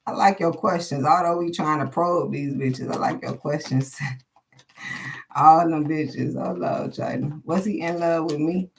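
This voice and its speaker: Low-voiced, foul-mouthed woman reading tarot. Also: unhurried, gravelly, a little hiss or hum. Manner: profane, candid and rambling, thinking aloud. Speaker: tarot card reader. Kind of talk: casual live-stream tarot reading.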